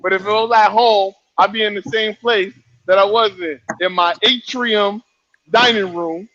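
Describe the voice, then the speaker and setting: A man co-hosts a sports podcast from a remote line, and his voice sits high for a man. He sounds laid-back and joking. The audio is somewhat dull and lo-fi. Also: steady tone, moderate pace, a bit bright. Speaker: podcast co-host. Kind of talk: casual sports podcast chat.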